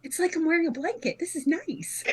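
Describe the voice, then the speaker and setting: A woman with a high voice chats as a tabletop game player. She sounds bubbly and casual. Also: lively intonation, fairly quick. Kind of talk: tabletop role-play chat.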